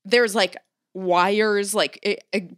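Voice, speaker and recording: A woman chatting casually as a podcast co-host, an animated storyteller who swears often and acts out what people said. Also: mid-range voice, takes it slowly, dry recording, clean studio sound. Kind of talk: casual chat.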